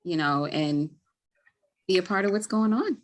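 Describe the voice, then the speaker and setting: A woman's voice: lowish voice, a little slow. A woman with a Baltimore accent hosting a live webinar over a video call, chatty and friendly with many ums. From Maryland, US. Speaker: webinar host, community health worker.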